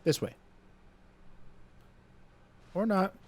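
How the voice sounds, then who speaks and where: Giggly streamer drawling slowly. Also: male voice. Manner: giggly, playful, swears loosely. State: high from an edible. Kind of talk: casual gameplay commentary.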